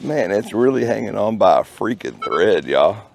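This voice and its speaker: A man with a Texan drawl talks along as he digs in a park, folksy and full of jokes and made-up words. His voice sits low and mellow with a gravelly edge. It is casual outdoor narration to the viewers. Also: sing-song, normal speed, faint music behind. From Texas. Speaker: metal detecting channel host. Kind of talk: casual narration while detecting.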